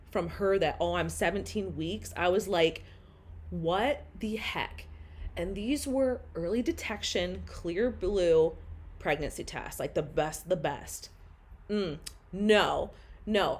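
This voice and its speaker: Rambling young woman, candid storytime. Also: on the low side. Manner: rambling, heavy use of "like", blunt and swearing. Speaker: vlogger telling her own story.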